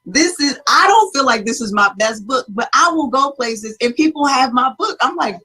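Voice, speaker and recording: A woman's voice: high-pitched, lively intonation, normal speed, bright, forceful tone, husky. A woman, an author and guest, telling stories in a chatty talk-show way and laughing often. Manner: chatty storytelling with frequent laughter. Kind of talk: casual talk-show chat.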